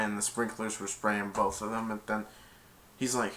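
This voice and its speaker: A man casually retelling a movie's plot in a rambling, excitable way, acting out the lines. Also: lowish voice, normal speed. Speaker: movie reviewer.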